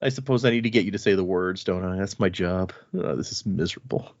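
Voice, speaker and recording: A man's voice: sits low, fast talker, a little mellow, dry recording, muffled recording, voice pushed down. A man voicing a fussy, put-upon male plant spirit who complains and whines. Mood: whiny. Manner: whiny, complaining.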